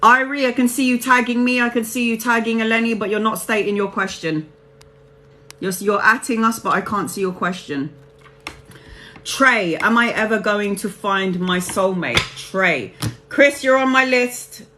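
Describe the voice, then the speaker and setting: A woman's voice: a little high, moderate pace, sharp tone, a little hiss or hum. A woman hosting a live tarot reading, chatting casually with viewers and calling them honey and babes.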